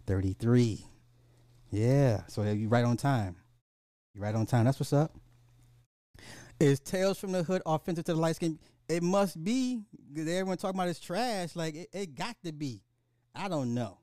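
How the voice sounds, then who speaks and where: A man hosting a podcast in casual chat, animated and slangy, with lots of restarts and swearing. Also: mid-range voice, no room sound, studio quality. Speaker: podcast host.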